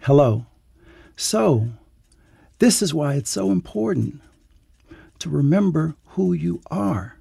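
Male writer guest, gravelly and dark-toned, earnest storyteller. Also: on the high side, expressive, takes it slowly, long pauses, no room sound, studio quality. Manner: earnest, storytelling, preacherly lifts. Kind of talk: reflective interview talk.

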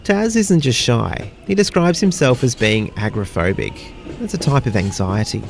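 A male reporter narrates a radio feature with a very lively, swooping delivery, measured and storytelling. A faint background hiss sits under his voice. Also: mid-range voice. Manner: measured storytelling with questions to the guest.

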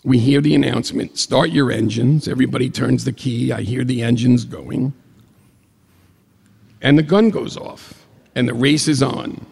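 An older man telling a comic personal story, animated and acting out the dialogue. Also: medium pitch, normal speed, creaky, breathy edge. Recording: long hall reverb.

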